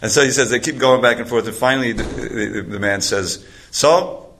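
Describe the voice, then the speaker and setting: A man's voice: medium pitch, steady tone, brisk, a bit bright, a little hiss or hum. A man giving a talk, telling a story in a loose, rambling way. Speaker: speaker.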